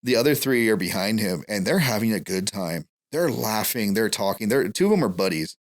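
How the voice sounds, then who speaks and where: A man's voice: lowish voice, lively intonation, fairly quick. Rambling, laughing male storyteller. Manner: rambling, laughs through his stories. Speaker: podcast guest. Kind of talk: casual storytelling chat.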